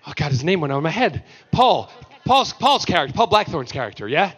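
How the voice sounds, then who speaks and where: Animated man telling stories to fans. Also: a little high, brisk, husky. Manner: animated, playful, acts out quotes with voices. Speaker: actor guest on a fan panel. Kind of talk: convention panel storytelling.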